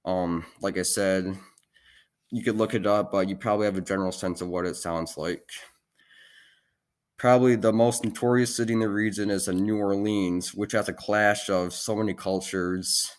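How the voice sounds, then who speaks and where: A man with a notably deep, low-pitched voice talks through a map as a casual explainer. He is relaxed and unscripted, and he keeps stopping to fill gaps with ums and likes. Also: moderate pace. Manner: loose and hesitant, with many ums and likes. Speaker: geography video host.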